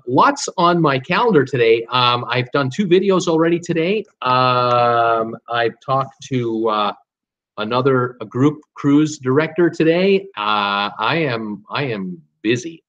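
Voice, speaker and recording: A man's voice: medium pitch, fairly bright tone, highs cut off. A man from Canada hosting a casual live cruise show, chatty and rambling with lots of fillers. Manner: chatty, rambling, self-deprecating, many fillers. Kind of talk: casual live-stream chat.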